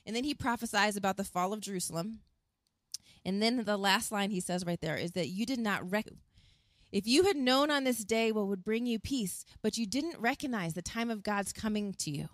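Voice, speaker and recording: A woman preaching a sermon as a pastor, earnest and animated, acting out quotes as she tells the story. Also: medium pitch, moderate pace, no room sound. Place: outdoors in wind.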